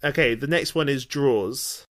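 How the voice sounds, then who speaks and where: A man's voice: medium pitch, measured pace. Teasing man on a comedy podcast. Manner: dry, teasing, corrects his co-host. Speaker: podcast co-host. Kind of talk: casual comedic chat.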